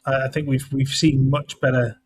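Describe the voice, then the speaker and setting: A man's voice: medium pitch, flat delivery, moderate pace, background noise. A man in his thirties co-hosting a casual football watchalong, talking hesitantly and often restarting his words. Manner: hesitant, stumbles and repeats words. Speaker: co-host of a football watchalong stream. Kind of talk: casual live match chat.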